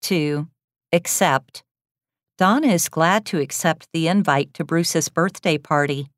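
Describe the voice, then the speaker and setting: A woman reading English lesson headings and phrases in a measured, even way. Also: sits low, dry recording, studio quality. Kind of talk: slow, clearly read language-lesson phrases.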